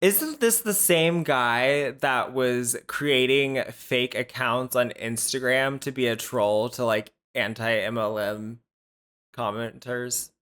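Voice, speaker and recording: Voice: medium pitch, slow pace, fairly bright tone. A commentator reacting to clips with sarcastic, incredulous asides.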